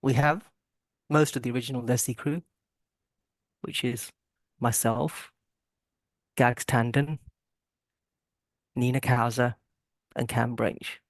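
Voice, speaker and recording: A man's voice: medium pitch, fairly even intonation, takes it slowly, pauses often, no room sound, clean studio sound. A man hosting a casual podcast over a video call, talking in a rambling, emphatic way. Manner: rambling, emphatic, calls guests bro. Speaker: podcast host.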